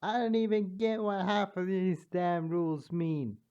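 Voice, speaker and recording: A man voicing a big, greedy, blustering male penguin king who grumbles loudly. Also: high voice, fairly even intonation, unhurried, dull audio, voice pushed up. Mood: grumbling.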